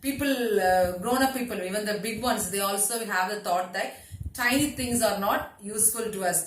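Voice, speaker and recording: A woman's voice: medium pitch, fast talker, a little hiss or hum. A woman teacher with a Tamil accent telling a story to children, chatty and asking them questions. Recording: echoey room.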